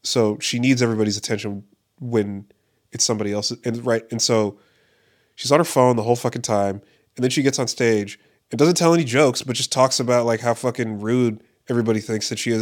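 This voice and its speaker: A stand-up comedian from the Los Angeles area rants casually and profanely in a podcast-style riff, rambling with lots of "like" and laughing often. His mid-range voice is steady and brisk.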